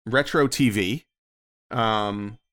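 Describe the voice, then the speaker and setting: Slow-talking man podcast co-host. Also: on the low side, a bit bright, dry recording. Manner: slow and rambling with fillers. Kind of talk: casual chat.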